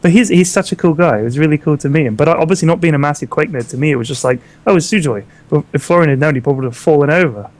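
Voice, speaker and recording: A man's voice: fairly high pitch, rapid-fire, few pauses. A man with a British accent in casual panel chat, thinking aloud with rhetorical questions and some swearing. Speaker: community event host.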